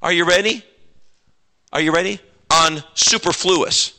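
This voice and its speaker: Man, pastor, high voice, very bright and forceful tone, lively self-mocking sermon. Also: unhurried. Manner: animated, self-mocking storytelling with sudden shouts.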